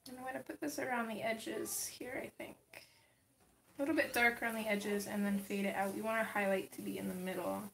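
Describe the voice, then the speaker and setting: A woman's voice: mid-range voice, steady tone, a little fast, vocal fry. A woman hosting a casual livestream, chatting to her viewers and talking to her cat. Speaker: livestream host. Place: home desk, indoors. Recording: echoey room with faint noise.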